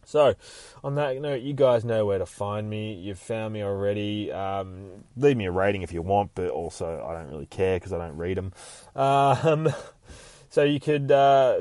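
Male podcast host, excitable and foul-mouthed, casual recap, dry close sound. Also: mid-range voice, dry recording. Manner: excitable, heavy swearing, self-mocking. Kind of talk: casual comic book recap.

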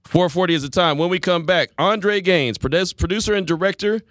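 A man hosting sports radio, talking in a casual, opinionated, animated way. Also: high-pitched, fairly quick, dry recording, clean studio sound.

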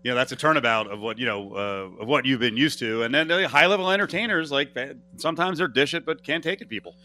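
Bright-voiced, animated sports radio host. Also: male voice, medium pitch. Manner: animated storyteller with quick restarts. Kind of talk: casual sports talk.

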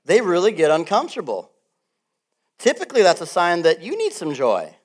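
A middle-aged pastor preaches a sermon in a high-pitched voice at a moderate pace. He's animated and laughs often, alternating between loud outbursts and quiet asides.

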